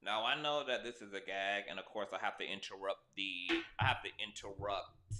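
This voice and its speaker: A man's voice: lowish voice, normal speed, bright, forceful tone. Man, livestream host, casual, profane, talks to viewers, plain desk mic. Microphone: cheap desk mic.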